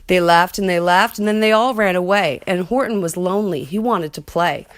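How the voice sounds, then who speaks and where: A woman's voice: lowish voice, moderate pace, few pauses. A woman reading a rhyming children's picture book aloud as a storyteller, in a rhythmic way.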